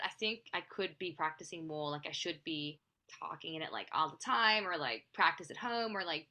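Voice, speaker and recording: A woman's voice: lowish voice, pushed and bright. A young woman from Australia, an actress and singer, chatting casually as a podcast guest and filling her talk with "like" and restarts. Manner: chatty, filler-heavy with frequent "like". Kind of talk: casual interview chat.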